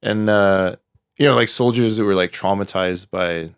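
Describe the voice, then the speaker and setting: A man's voice: lowish voice, normal speed, smooth, no room sound, studio quality. A man co-hosting a podcast, telling stories in a rambling casual way with many fillers. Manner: rambling, many fillers and restarts, animated storytelling. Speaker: podcast co-host. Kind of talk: casual conversation.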